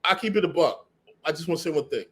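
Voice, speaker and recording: A man's voice: on the high side, racing. Profane, emphatic man in casual chat. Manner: profane, emphatic, repeats "you know what I mean".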